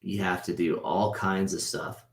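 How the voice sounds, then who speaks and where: A man in his thirties teaches a casual class over a video call, his voice sitting on the low side. He talks loosely and conversationally, checking in with his students by tagging points with "right?". The sound carries a roomy echo. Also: little pitch movement, a little slow. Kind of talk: casual online class lecture.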